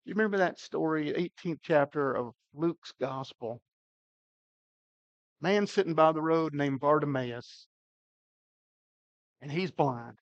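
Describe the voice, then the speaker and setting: An older man preaching a sermon with emphatic, dynamic delivery, his loudness swinging widely. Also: fairly high pitch, slow pace, pauses often, no room sound, highs cut off. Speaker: pastor.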